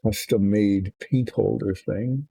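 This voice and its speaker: Husky, gravelly man, casual hobby-painting host, self-mocking and indecisive. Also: on the low side, fairly even intonation, takes it slowly, dark tone. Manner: rambling, self-deprecating, indecisive. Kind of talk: relaxed hobby chat while painting.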